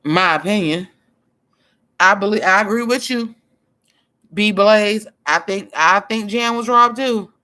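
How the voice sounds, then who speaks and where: Blunt, expressive woman doing stream commentary. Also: medium pitch, a little slow, long pauses. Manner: blunt, expressive, swears, answers chat. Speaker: drag show commentator. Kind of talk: casual livestream commentary.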